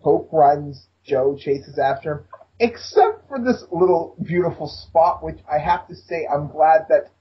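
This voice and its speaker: A man co-hosting a casual podcast, joking and quick to laugh. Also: a little high, slightly rough. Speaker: podcast co-host. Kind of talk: casual chat. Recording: dull lo-fi sound.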